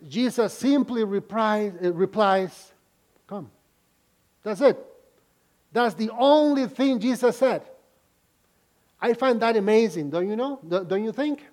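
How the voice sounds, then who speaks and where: A man's voice: high voice, expressive, a little slow, a little mellow. A man preaching a sermon, reading scripture and explaining it to listeners with frequent questions and restarts. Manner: repeats words and restarts phrases.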